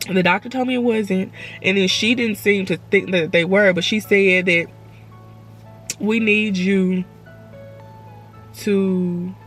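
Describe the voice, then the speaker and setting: A woman's voice: mid-range voice, steady tone, slow pace, pauses often, soft background music. A woman vlogging at home, crying and talking in rambling, repetitive bursts with stumbling restarts. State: tearful, crying. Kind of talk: emotional personal vlog.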